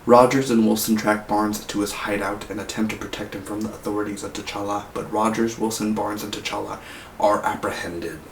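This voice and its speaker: A man's voice: fairly low pitch, fairly even intonation, normal speed, vocal fry. Rambling man in a roomy room. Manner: rambling, many fillers and restarts. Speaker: movie reviewer. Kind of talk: casual spoiler review. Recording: roomy echo, mic far off, faint hiss.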